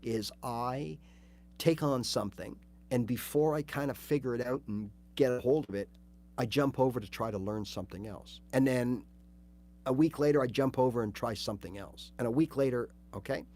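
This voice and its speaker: Man, guitar teacher, casual livestream lesson, chatty, animated, middle pitch. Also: moderate pace. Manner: chatty, animated, acts out little scenes.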